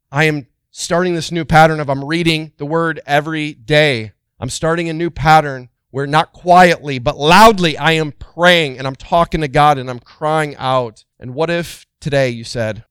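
Pastor guy preaching, middle-aged, smooth clear voice, mid pitch, lots of questions and jokes, goes quiet then loud. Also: dry recording, studio quality. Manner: preaching with dynamic swings between quiet asides and loud emphatic bursts; uses rhetorical questions and humor. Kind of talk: sermon.

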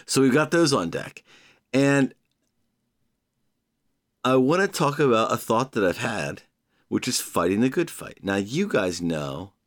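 A man hosting his own podcast, rambling playfully and talking straight to his listeners as "humans". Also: mid-range voice. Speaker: podcast host. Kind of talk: casual solo podcast monologue.

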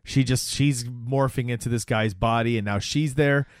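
Man, casual chat, fillers and restarts, mid pitch, dry close sound. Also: moderate pace, dry recording. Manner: relaxed storytelling, frequent "yep" and "like", restarts. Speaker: co-host recapping a show.

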